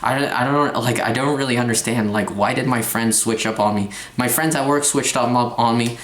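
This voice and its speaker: A young man vents to camera in a mid-pitched voice. He stumbles through restarts and swears as he airs his grievances. The sound is a phone recording in a roomy, echoing space. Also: normal speed, a bit bright. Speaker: vlogger. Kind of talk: confessional rant to camera.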